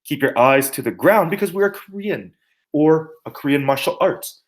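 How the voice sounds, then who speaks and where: A man, a martial arts instructor, teaching terminology in an animated, jokey way, using playful mnemonics and little mimicry. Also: on the high side, normal speed.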